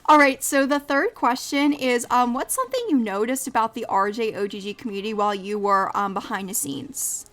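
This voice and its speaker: A young woman hosting a casual live podcast, effusive and quick to laugh as she asks her guests questions. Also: a little high. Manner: warm, effusive, laughs often. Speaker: podcast host.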